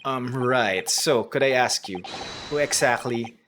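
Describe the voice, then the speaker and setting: A man's voice: mid-range voice, a little slow, background noise. A man streaming a video game, reading its dialogue aloud and tossing in wry, joking asides. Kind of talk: casual playthrough narration. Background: game music.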